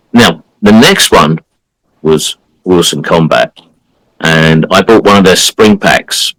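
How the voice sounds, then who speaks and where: A man's voice: low voice, a bit bright, dry recording, low-quality recording. A man co-hosting a podcast, telling a story in a casual, emphatic way and acting out the people he quotes. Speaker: podcast co-host.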